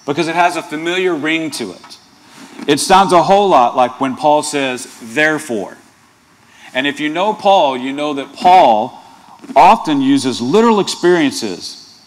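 A man preaching a sermon in a voice that sits a little high for a man. He is earnest but playful, throwing out rhetorical questions and light asides as he explains his point. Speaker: pastor.

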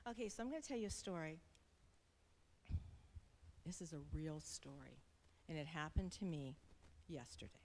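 A middle-aged woman speaking at church, telling a personal story in a sermon with animated, laughing delivery. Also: low-pitched, normal speed, long pauses, in a large hall, a little hiss or hum.

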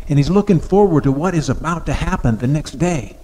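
A man preaches a sermon in a relaxed, conversational way, stopping often to ask his listeners questions. His voice sits a little high for a man, and it carries a long reverb, as if from a large hall. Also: fairly quick, few pauses. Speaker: pastor.

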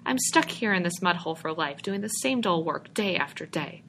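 A woman's voice: lowish voice, lively intonation, normal speed, a bit bright, a little hiss or hum. A woman reading aloud, voicing a weary young male bank clerk who sounds bitter and scoffing, his voice rising. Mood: despairing.

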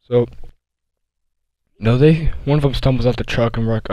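A man's voice: medium pitch, moderate pace, long pauses, warm tone, no echo, poor audio. A young man casually telling a rambling, profane story full of asides and restarts. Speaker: vlogger. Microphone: console headset mic.

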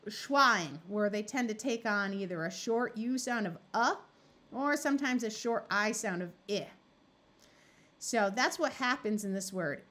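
A woman tutor teaching a phonics lesson, explaining slowly and sounding out words syllable by syllable. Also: on the high side. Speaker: reading tutor.

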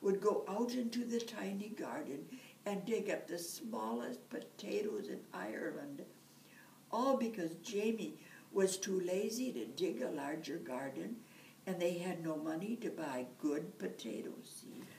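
A woman's voice: fairly low pitch, lively intonation, measured pace, mellow, recorded from a distance, slight background noise. A woman library storyteller reading a folktale aloud with expression, recorded from afar in an echoey room.

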